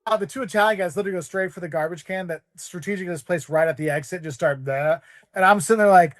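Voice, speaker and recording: High-voiced man telling animated travel stories. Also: fast, no room sound, clean studio sound. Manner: rambling, animated, acts out voices in quotes. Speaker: podcast guest, travel video creator. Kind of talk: casual storytelling.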